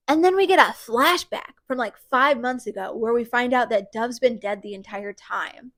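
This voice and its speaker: Woman vlogger, fairly high voice, dry close sound, casual and emphatic book talk. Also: normal speed, few pauses, no echo. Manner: emphatic and animated, frequent "like". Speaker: book reviewer. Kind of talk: casual book review vlog.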